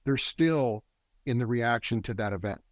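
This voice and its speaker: A middle-aged man speaks in an even mid-range voice, recorded dry and close. He talks like a seasoned facilitator, earnest and instructive. His pace runs fast through ideas and then slows to stress them. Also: medium pitch, no room sound. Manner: earnest, teaching tone that speeds up and slows down. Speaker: guest, men's work facilitator. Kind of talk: reflective interview talk. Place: a warm, quiet spot with a generator running nearby.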